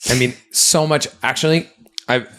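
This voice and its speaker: A man's voice: medium pitch, steady tone, moderate pace, sharp tone. A man co-hosting a podcast, talking in an earnest, reflective and chatty way with lots of fillers. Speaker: podcast co-host. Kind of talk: candid podcast conversation.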